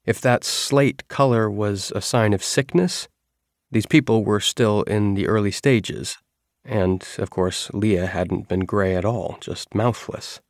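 A man reading a first-person novel aloud in a measured, even storytelling manner. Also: fairly low pitch, no echo, clean studio sound. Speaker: audiobook narrator.

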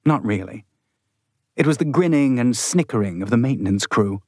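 A man reading an audiobook in measured, steady scripted narration. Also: mid-range voice, dry recording, clean studio sound.

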